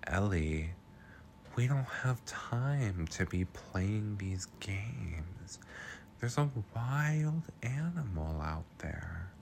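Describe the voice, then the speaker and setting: A man voicing a nervous young man in a hushed, urgent way, as whispered role-play. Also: deep voice, expressive, drawn-out words, gravelly, a little hiss or hum, exaggerated voice.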